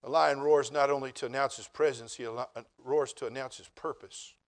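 A man preaching a sermon as pastor, moving from quiet, joking asides to loud, emphatic declarations. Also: mid-range voice, fairly even intonation, brisk. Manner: humorous, conversational storytelling.

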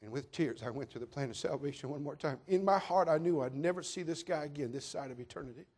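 A middle-aged man pastor preaching a sermon, telling a personal story and swinging from calm to loud, emphatic preaching. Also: fairly high pitch, fast, breathy edge.

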